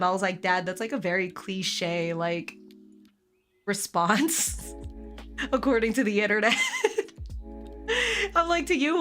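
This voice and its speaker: A young woman streamer telling a family story in casual chat to her live chat, animated, laughing often and swearing casually, her voice a bit hoarse from karaoke. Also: medium pitch.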